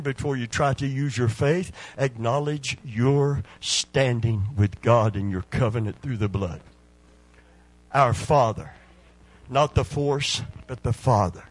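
A male preacher delivering a sermon, moving from hushed, drawn-out scripture lines to loud exhortation. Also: medium pitch.

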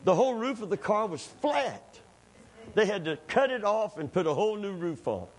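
A middle-aged man, preaching as a pastor in a church, telling stories in an animated way, acting out quoted voices and laughing at his own stories. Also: high-pitched, normal speed. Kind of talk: storytelling sermon.

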